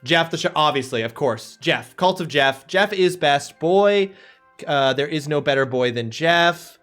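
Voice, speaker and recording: A man's voice: fairly high pitch, animated, a little slow, a bit bright, soft background music. A man streaming a video game live, chatting upbeat with viewers and thanking them energetically. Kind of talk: casual live stream chat.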